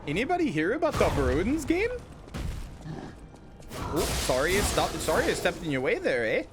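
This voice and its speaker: A woman putting on a chirpy, apologetic Canadian voice with a put-on Canadian accent, a bit higher than her usual voice. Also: sing-song, normal speed, over music. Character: cheery polite Canadian hockey fan.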